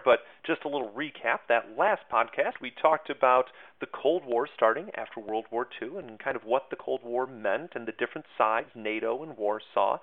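Male teacher hosting a podcast, chatty and jokey, medium-pitched voice, phone-like lo-fi sound. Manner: chatty, self-deprecating jokes, many fillers. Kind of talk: casual spoken history lesson. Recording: tinny phone-like audio.

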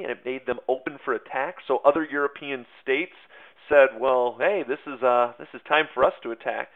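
A man teaching history in a loose, conversational way, full of fillers and hedges. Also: mid-range voice. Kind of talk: casual history lesson. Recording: tinny phone-like sound.

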